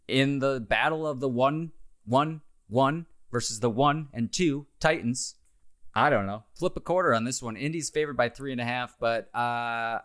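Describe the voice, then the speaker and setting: A man talking football picks on a podcast with a loose, joking delivery. His voice sits at an ordinary middle pitch. He keeps it casual and chatty. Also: a bit bright. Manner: jokey, makes game picks, briefly tries silly accents. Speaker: podcast co-host. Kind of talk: casual sports podcast banter.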